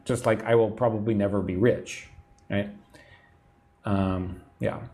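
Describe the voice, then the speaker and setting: A man's voice: fairly low pitch, fairly even intonation, measured pace, a little mellow, a little hiss or hum. American man teaching English idioms. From Texas, USA. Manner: patient explaining, reads viewer comments aloud, tag "right?" often. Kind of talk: live-stream English lesson.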